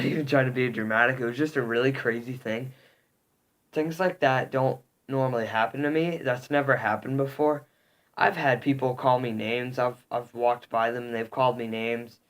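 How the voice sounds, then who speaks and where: A man vlogging to camera, telling a story in a rambling, halting way with lots of fillers, upset and indignant. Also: mid-range voice, fairly even intonation, fairly bright tone. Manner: rambling, halting, heavy on "um" and "literally".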